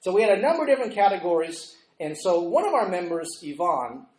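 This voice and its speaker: A middle-aged man delivers a sermon as a lively story, acting out the people in it. His voice sits a little high, and it rings around an echoey church room. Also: fast talker. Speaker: preacher.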